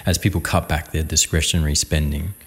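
Deep-voiced man, casual chat. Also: steady tone. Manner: talks in quick bursts with restarts.

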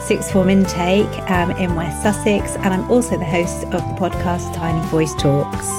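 A woman introducing herself as a guest teacher in a casual, unhurried way. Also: on the low side, fairly even intonation. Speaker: guest teacher and podcast host. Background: music.

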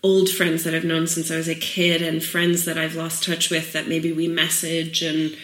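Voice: medium pitch, completely flat delivery, moderate pace, fairly bright tone. A guest chatting casually, self-mocking and laughing at their own remarks. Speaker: podcast guest. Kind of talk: casual chat. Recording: roomy sound.

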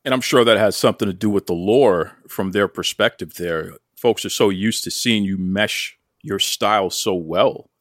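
A man with a fairly low voice hosts an interview show, asking his questions with playful enthusiasm. The sound is dry and close, with no room echo, and he teases his guest in a friendly, upbeat way. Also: moderate pace, hardly any pauses. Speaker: podcast host. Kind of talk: podcast interview.

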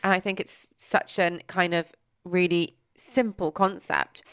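A young woman co-hosts a podcast in quick, teasing chat. Her voice is lowish with a strong gravelly fry. It sounds close and dry. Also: fairly even intonation, fairly bright tone, no room sound. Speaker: podcast co-host. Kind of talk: casual chat.

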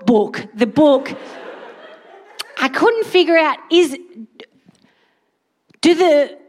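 A woman doing rambling, self-mocking stand-up comedy on a theatre stage. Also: sits high. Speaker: guest comedian. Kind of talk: stand-up set then chat. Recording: live hall, audience present.

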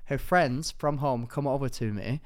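Young male podcast co-host, smooth resonant voice, animated storyteller. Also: mid-range voice, normal speed. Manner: animated, camp storytelling with rising impressions. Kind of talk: casual chat.

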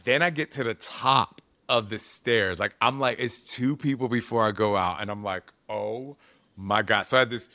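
Bright-voiced man in his forties, animated storyteller. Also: mid-range voice, normal speed, few pauses. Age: 40s. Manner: animated, expressive storytelling with frequent "like" and swearing. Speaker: interviewee. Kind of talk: casual conversational interview.

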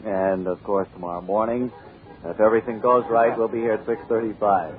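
A man's voice: lowish voice, steady tone, a little fast, a crowd in the background. A man hosting a radio show, bantering offhandedly during the sign-off. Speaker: radio host. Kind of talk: casual on-air sign-off banter. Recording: tinny old radio broadcast.

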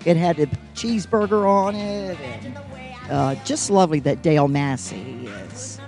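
A man's voice: fairly high pitch, lively intonation, normal speed, vocal fry, a little mellow, faint music behind. Joking man with a handheld mic. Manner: joking, rambling, playful. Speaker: co-host, honorary mayor. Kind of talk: casual on-site chat. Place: old theater at a concert.

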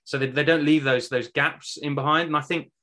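A man's voice: on the high side, steady tone, brisk, pushed and bright. A young man co-hosting a casual fan podcast, chatty and a little hesitant. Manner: chatty, hesitant, laughs easily. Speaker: podcast co-host.

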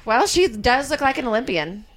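Woman, casual podcast co-host, giggly, animated, reads passages aloud. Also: high voice. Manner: giggly, quickly flustered, animated.

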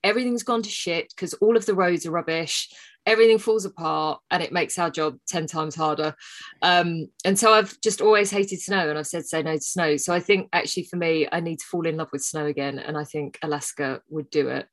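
A woman co-hosting a casual podcast, telling stories with frank, animated energy. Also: deep voice, fairly quick. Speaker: podcast co-host. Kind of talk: casual chat.

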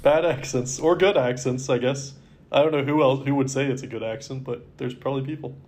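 Man, mid-pitched voice, podcast co-host, rambling, laid-back chat. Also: brisk, darkish tone. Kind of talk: casual chat.

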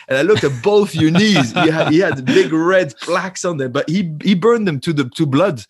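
Man, casual storytelling, dry close sound, animated retelling. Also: a little high, normal speed, few pauses, husky, dry recording. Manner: animated, rises into retold dialogue. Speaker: former French rugby teammate, guest.

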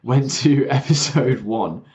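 A man's voice: medium pitch, slow, darkish tone, muffled recording. A man co-hosting a podcast in casual, jokey chat. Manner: easygoing, jokey, chatty. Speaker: podcast co-host.

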